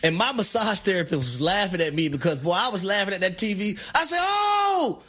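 Animated preacher-style radio co-host man. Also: high voice, quick pace. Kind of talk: sports talk radio banter.

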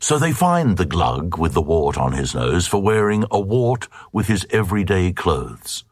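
A man's voice: sits low, sing-song, measured pace, slightly rough, no echo, studio quality. A man reading a comic narrative poem aloud in a rhythmic, sing-song recitation.

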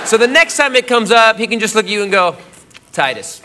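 A man doing a stand-up comedy set on stage, animated and shouting his punchlines. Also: high voice, fast talker. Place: comedy stage before a laughing crowd. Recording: live show, crowd laughter and noise.

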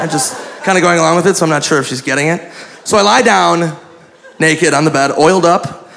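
A man doing stand-up, telling a story in an animated, profane way and acting out the people in it, on a club mic. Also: on the high side, a little fast, gravelly. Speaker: stand-up comedian. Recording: live club mic with a noisy crowd.

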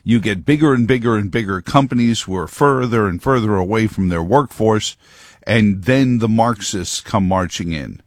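At a normal speed and with a somewhat low voice, a male radio host gives a rambling, forceful opinion piece into a close microphone. No echo is audible.

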